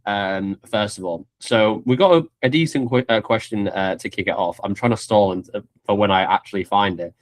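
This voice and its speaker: A young man hosting a podcast, chatting casually with lots of swearing, restarts and bursts of excitement. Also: on the low side, fairly quick, hardly any pauses. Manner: swears freely, animated, many restarts. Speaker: podcast host. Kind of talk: casual chat.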